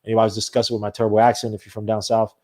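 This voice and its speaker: A man hosting a sports podcast, ranting in a rambling, animated way with many restarts. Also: lowish voice, rapid-fire. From not from the American South. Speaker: podcast host. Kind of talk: casual solo sports talk.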